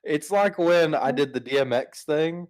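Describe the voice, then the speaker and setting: A man's voice: a little high, normal speed, a little mellow. A man hosting a podcast in casual chat, rambling and teasing his co-hosts with many restarts. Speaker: podcast host.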